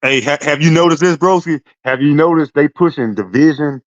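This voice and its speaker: A man in a casual podcast chat, laughing often and chiming in with quick agreement. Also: a little high, no echo, highs cut off.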